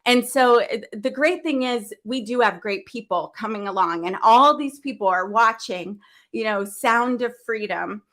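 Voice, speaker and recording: A woman hosting a business event livestream, talking earnestly and with deep feeling, open about her faith, often starting sentences over. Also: unhurried, a bit bright. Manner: earnest, heartfelt, faith-filled, rambling with restarts. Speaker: event host. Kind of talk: emotional livestream talk.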